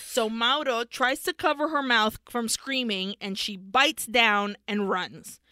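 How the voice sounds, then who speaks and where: A young adult woman co-hosting a podcast, retelling a horror film scene by scene in a lively, profane way. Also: on the high side, takes it slowly, no room sound, studio quality. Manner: profane, lively storytelling with quoted voices. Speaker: podcast co-host. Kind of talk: casual film recap chat.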